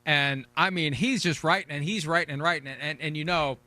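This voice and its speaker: Bright-toned man in his sixties, rambling. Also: fairly high pitch, brisk. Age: 60s. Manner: rambling, repeats words when restarting. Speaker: sports talk show host. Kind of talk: casual sports talk.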